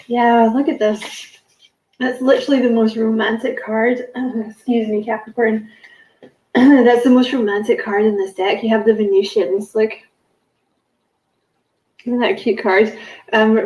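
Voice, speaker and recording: A woman's voice: on the high side, fairly even intonation, unhurried, darkish tone, echoey room, rough recording. A woman giving a casual spiritual card reading to camera, musing and rambling with many fillers and self-corrections. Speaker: tarot card reader.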